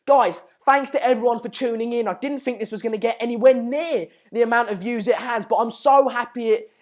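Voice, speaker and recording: Young man, fairly high-pitched, excitable, ranting, live football reaction host. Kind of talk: live reaction to transfer news.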